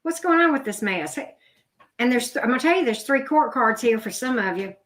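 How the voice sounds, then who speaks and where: A woman's voice: fairly high pitch, lively intonation, fairly quick, fairly bright tone. A middle-aged woman doing a live tarot reading, chatty and blunt, talking straight to her viewers. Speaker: tarot reader. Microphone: video camera.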